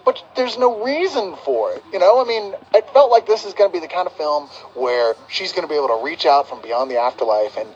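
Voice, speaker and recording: A man's voice: on the high side, highs cut off. A man co-hosting a casual film review chat, wry and mock-exasperated. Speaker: podcast co-host, film reviewer.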